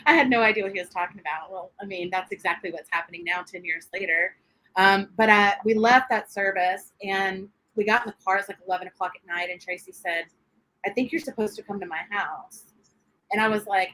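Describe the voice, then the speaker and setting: A woman, a guest sharing her faith testimony in an interview, animated and quick to laugh as she acts out what people said. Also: medium pitch, poor audio. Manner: animated storyteller, laughs often, acts out quotes.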